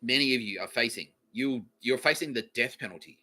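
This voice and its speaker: A man's voice: medium pitch, a little fast, pushed and bright, rough recording. A man hosting a comedy podcast, delivering a profane, repetitive monologue and laughing at his own lines. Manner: swears constantly, repeats phrases, laughs at own lines. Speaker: podcast host.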